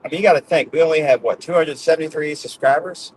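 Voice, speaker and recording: A man's voice: fairly high pitch, fast, breathy edge, poor audio. Chuckling middle-aged man rambling casually. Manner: laughs often, ends phrases with "man". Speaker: podcast host talking to his audience.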